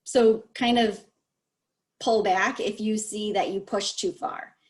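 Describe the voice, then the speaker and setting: A woman's voice: medium pitch, fairly even intonation, takes it slowly. A woman giving practical advice in an easygoing, encouraging way over a video call, laughing easily. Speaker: speech-language advisor. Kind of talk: casual advice chat.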